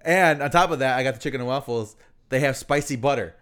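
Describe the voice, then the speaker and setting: Podcast guy, smooth clear voice, rambling casual story, swears a lot. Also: medium pitch, fast talker. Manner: relaxed storytelling with lots of swearing and fillers. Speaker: podcast co-host.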